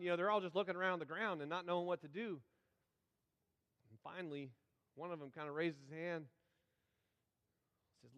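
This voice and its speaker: A man preaching to his congregation, retelling a story in a folksy, playful way and acting out the characters. His voice sits a little high. It carries a long reverb from the church sanctuary. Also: fast talker, fairly bright tone. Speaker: pastor. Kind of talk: sermon.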